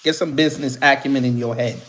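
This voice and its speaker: A man hosting a live commentary stream, reading a news article aloud and firing back at viewers in chat. He talks in an animated, profane way and laughs often. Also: medium pitch, fast. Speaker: commentary channel host.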